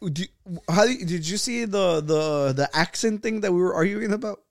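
A man's voice: high voice, moderate pace, no echo, studio quality. A man co-hosting a casual podcast chat, blunt and heated, swearing often and restarting his sentences. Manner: frequent restarts and filler words. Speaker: podcast co-host.

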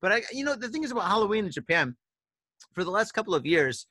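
A man's voice: high voice, big pitch swings, fast talker, pushed and bright, no room sound. A man co-hosting a casual drinking podcast, laid-back and profane, saying "dude" and "like" a lot. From United States. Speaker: podcast co-host.

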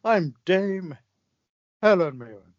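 A podcast host putting on a posh elderly woman, a grand dame, with a slow, affected drawl, as a celebrity impression. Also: mid-range voice, lively intonation, no room sound, voice pushed up. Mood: haughty. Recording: dull muffled sound.

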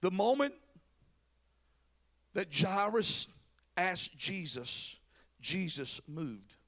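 A man preaching a sermon as pastor, telling a story with lively, casual acted-out voices. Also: sits high, very slow. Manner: animated storytelling, acting out biblical characters in casual slang.

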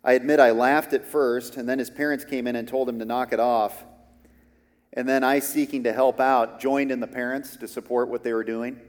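A man's voice: medium pitch, long reverb tail. A man who is a pastor, preaching a sermon in an earnest, conversational way with frequent restarts.

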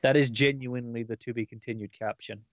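A man in casual podcast chat recaps a comic book issue, rambling through it with fillers and restarts. His voice sits at an average pitch. The recording is dry and a little dull, like a lo-fi home setup. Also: steady tone, fast, no room sound. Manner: rambling, many fillers, acts out quoted lines. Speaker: podcast co-host.

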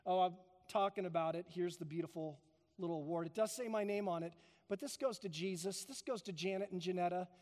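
A man with a high, light voice preaches to his congregation and stays emphatic throughout. He builds to loud peaks and then falls back to soft, quieter lines. Long reverb from a big hall trails every phrase. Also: fairly quick. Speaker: pastor. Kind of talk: sermon. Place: church sanctuary.

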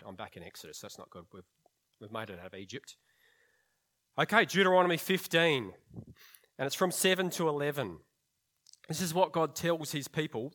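A man pastor preaching a sermon in a lively, conversational way, with rhetorical questions and wry humorous asides. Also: medium pitch.

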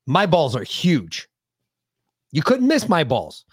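A man's voice: fairly high pitch, wildly swooping pitch, slow pace, slightly rough, dry recording, clean studio sound. A man co-hosting a political podcast, ranting in a heated, profane way. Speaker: podcast co-host. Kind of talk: casual political podcast chat.

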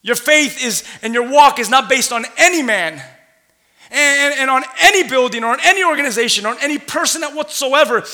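A man preaching a sermon in a church, animated, laughing, and rising to shouts. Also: very high-pitched, a little fast. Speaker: pastor. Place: church sanctuary. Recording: long hall reverb.

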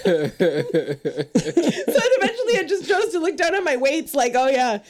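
High, lively woman telling stories. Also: unhurried. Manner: laughing, storytelling, blunt. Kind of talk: casual group chat.

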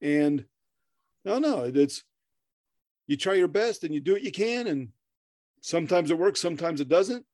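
A man's voice: a little high, lively intonation, measured pace, long pauses, darkish tone, no room sound, clean studio sound. A middle-aged man co-hosting a podcast in casual chat, rambling, swearing freely, laughing often and stammering through restarts. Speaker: podcast co-host.

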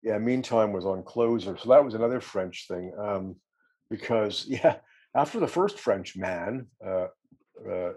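A man's voice: lowish voice, lively intonation, measured pace, a little mellow, husky. A middle-aged man, a musician being interviewed, telling rambling, self-deprecating stories with frequent laughs. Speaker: musician guest. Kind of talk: casual anecdotal interview.

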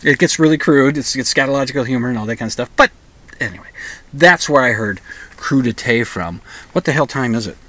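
A man's voice: medium pitch, a little fast, sharp tone, no room sound. Rambling middle-aged male monologue host. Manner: digressive, with frequent restarts and repeated words.

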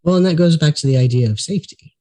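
A man hosts a relaxed conversation, easygoing and a little hesitant, with fillers as he thinks. His voice has a warm, mellow tone and a dry, close sound. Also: fairly high pitch, quick pace, no echo. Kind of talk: casual conversation.

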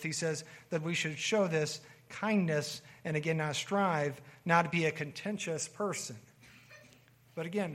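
A man's voice: fairly high pitch, a bit bright. A man preaching a sermon to an assembly, earnest and repeating his key phrases for emphasis. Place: meeting room with a live audience.

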